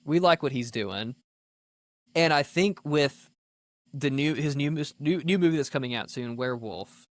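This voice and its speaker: A man co-hosting a podcast, telling an animated story in casual chat, full of "like" fillers. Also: fairly high pitch, moderate pace, no room sound, clean studio sound. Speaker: podcast co-host.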